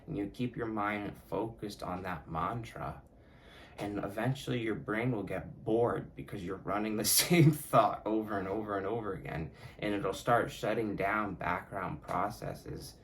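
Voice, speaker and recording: A man with a low, gravelly voice hosts his own podcast and drifts from thought to thought. He swears freely and often catches and fixes his own words. A faint room hum sits behind him. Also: normal speed. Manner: rambling, profane, self-correcting. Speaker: podcast host. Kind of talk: casual solo podcast talk.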